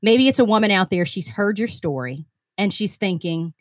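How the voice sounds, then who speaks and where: A woman hosts an interview podcast and encourages her guest with warm praise. She laughs easily and keeps a casual, conversational tone. Her voice is recorded close and dry, with no room echo. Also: medium pitch, lively intonation, normal speed.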